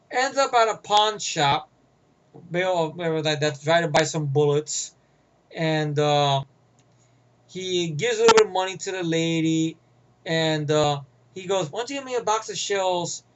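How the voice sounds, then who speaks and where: Brief: young man, high voice, loose rambling movie review, repeats words, mimics film lines. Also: fairly bright tone, slight background noise, low-quality recording. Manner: rambling, laughs often, restarts and repeats words; acts out movie lines in character. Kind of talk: casual spoken movie review.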